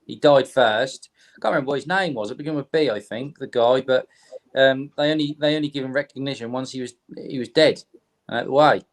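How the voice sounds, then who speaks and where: A man's voice: mid-range voice, a little fast. Laid-back guy chiming in on a live chat, easygoing. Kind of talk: casual live-stream chat.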